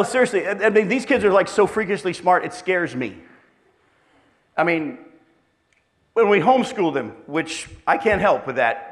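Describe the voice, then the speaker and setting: Middle-aged male pastor, sermon storyteller, somewhat high voice, self-deprecating wit. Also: fairly bright tone.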